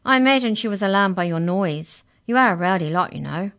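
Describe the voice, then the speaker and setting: A woman's voice: medium pitch, expressive, brisk, a bit bright. A woman voicing a small, knowing mouse in a cage, speaking politely and drily for a children's story. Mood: wry. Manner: polite, dry, matter-of-fact.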